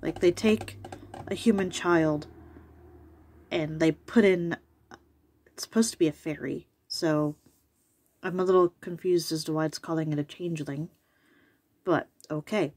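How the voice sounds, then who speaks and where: Seated at her home desk, a woman hosting a YouTube video talks casually about cryptids in a low-pitched, allergy-worn voice that is a little mellow. Her pace is measured with frequent pauses, and she rambles with asides and ums. The recording is dry.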